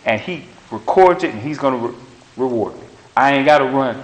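A man preaching a sermon in a roomy, echoing space, with an emphatic, repetitive cadence. He sits at an ordinary middle pitch and drives home short phrases again and again. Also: fairly quick. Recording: roomy echo.

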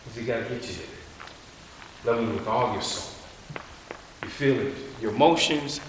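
A man preaching a sermon, telling stories in a colloquial, animated way. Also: mid-range voice, measured pace, a little hiss or hum. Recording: echoey hall.

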